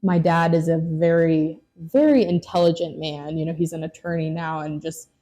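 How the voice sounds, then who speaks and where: A young woman hosts a relaxed interview in a fairly low, warm, mellow voice. She talks in a loose, rambling way and fills her sentences with "like" and "you know.". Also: normal speed. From Lexington, Kentucky. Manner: chatty, heavy use of "like" and "you know". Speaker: podcast host. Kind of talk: casual interview conversation.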